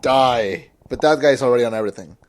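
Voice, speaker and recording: Excitable stammering man, movie podcast chat. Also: medium pitch, quick pace. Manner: excitable, stammers and repeats words. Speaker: podcast co-host.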